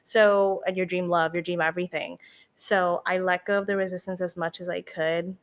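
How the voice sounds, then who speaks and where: A young woman speaks candidly as a podcast guest, her talk full of fillers and the odd swear. She is animated and open. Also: lowish voice, normal speed. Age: young adult. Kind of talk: candid casual chat.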